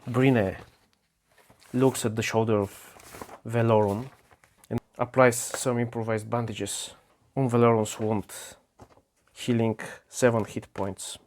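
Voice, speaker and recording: A man narrates his solo tabletop game slowly and carefully, pausing and restarting as he describes rolls and attacks. His voice sits at a middle pitch. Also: level tone, darkish tone. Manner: unhurried, halting narration.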